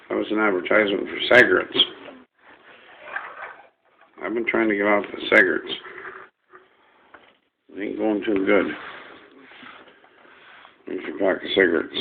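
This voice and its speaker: A man's voice: lowish voice, creaky, narrow, tinny audio, a little hiss or hum. A man ranting to camera in a rambling, folksy, profane way, as a vlogger airing his gripes.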